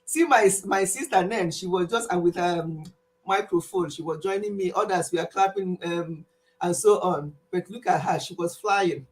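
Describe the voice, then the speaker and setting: A woman hosting a live stream, greeting viewers with excitement and leading an earnest prayer. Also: fairly low pitch, moderate pace.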